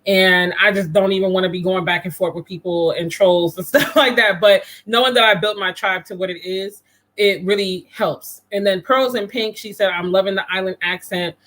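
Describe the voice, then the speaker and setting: A man's voice: sits high, fairly even intonation, normal speed, a bit bright. A man from the United States hosting a casual livestream, rambling and laughing as he talks straight to viewers. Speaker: livestream host.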